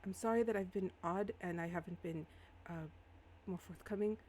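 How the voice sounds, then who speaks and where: A woman's voice: on the low side, normal speed, a little mellow, a little hiss or hum, natural voice. A woman voicing an earnest, anxious young man in a tabletop game, speaking in an apologetic, soothing way. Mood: pleading.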